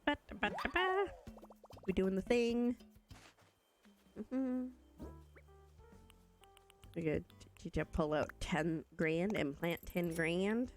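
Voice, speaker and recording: A woman's voice: on the low side, a little slow, hardly any pauses, darkish tone, faint music behind. A young woman from Canada, chatting casually and rambling as she streams a game and answers chat. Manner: chatty, rambling, reads chat aloud, laughs often.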